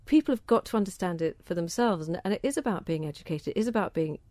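Chatty southern English woman, low voice. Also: lively intonation, fast, warm tone, no echo. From southern England. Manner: chatty, enthusiastic, self-deprecating, repeats words when starting. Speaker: interviewee, organic food campaigner. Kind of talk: casual interview answers.

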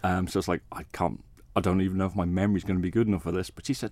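A man, a bass player, chatting as a radio guest in a modest, rambling way, acting out what others said to him. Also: steady tone, racing, a little mellow, no room sound. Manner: modest, rambling, acts out quoted talk. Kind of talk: casual interview chat.

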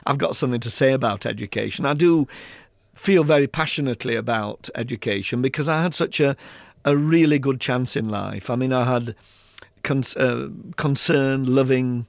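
Gravelly-voiced man telling lively anecdotes. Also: medium pitch, normal speed, no echo. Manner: lively storyteller who mimics the people in his anecdotes. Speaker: author and public speaker, guest. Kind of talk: interview, anecdotal storytelling.

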